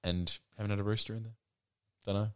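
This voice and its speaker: A man co-hosting a casual sports podcast, laid-back and quick to laugh. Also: lowish voice, steady tone, a bit bright. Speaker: podcast co-host.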